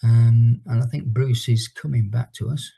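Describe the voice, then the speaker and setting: A man's voice: mid-range voice, fairly even intonation, moderate pace, gravelly, mellow, slightly rough. A middle-aged man who teaches fitness leads an online exercise class over a video call. He tells a long rambling story and breaks off to count down each exercise. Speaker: fitness instructor.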